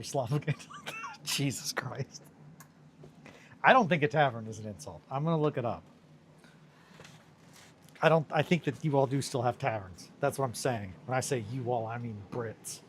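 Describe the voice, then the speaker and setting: A man's voice: mid-range voice, slight background noise. A man chatting casually and rambling with viewers from his home studio, self-mocking and swearing now and then. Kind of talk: casual chat.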